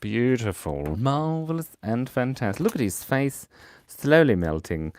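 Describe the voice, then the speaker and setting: Playful Australian man, lively voice. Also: mid-range voice, unhurried, slight background noise. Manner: playful, jokey, reads viewer comments aloud. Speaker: host of a live drawing stream for kids. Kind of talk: casual livestream chat.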